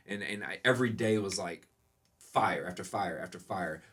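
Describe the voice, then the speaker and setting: A man who owns a restaurant, telling stories as a guest in a casual podcast interview. He talks a lot, in a lively way, and laughs often. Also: low-pitched, normal speed, husky. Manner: animated, laughing, self-described talker.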